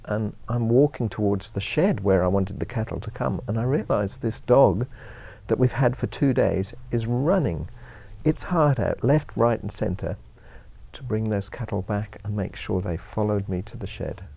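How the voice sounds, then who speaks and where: A middle-aged man from England with a British accent tinged with Australian, chatting as an interview guest in a relaxed, unhurried way. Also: lowish voice, creaky, slightly rough, dull audio. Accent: British with Australian traces. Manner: relaxed, unhurried storytelling with frequent ums. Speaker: guest, bookshop co-owner. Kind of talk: casual interview chat.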